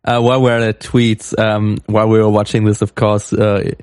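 A man's voice: on the low side, little pitch movement, moderate pace, a little mellow, clean tone, dry recording, studio quality. A man co-hosting a casual tech podcast, thoughtful and a bit hesitant. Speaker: podcast co-host.

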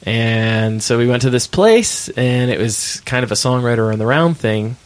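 A man telling tour stories in a casual interview, animated, with frequent restarts. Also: mid-range voice, normal speed. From Midwest United States. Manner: animated storyteller, many restarts. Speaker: touring musician guest.

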